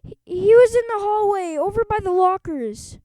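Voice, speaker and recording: A woman voicing a nervous young schoolboy prankster in a storybook reading, stammering in a high voice. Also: fast talker, dry recording. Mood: frantic.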